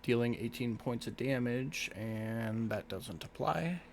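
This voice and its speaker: A man speaks as game master in a slow, unhurried way, narrating dice results. A faint hum sits under his voice. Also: mid-range voice, animated, gravelly.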